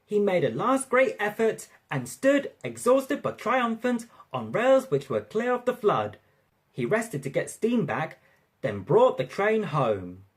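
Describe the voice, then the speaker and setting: A narrator reading a railway storybook aloud in an expressive, lively way. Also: medium pitch, a little slow, slightly rough.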